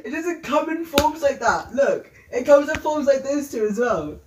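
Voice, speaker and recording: A man's voice: extremely high pitch, sing-song, normal speed, heavy background noise. A younger brother chatting beside the host in a stubborn, playful way, rambling about his favorite shows. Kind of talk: casual banter.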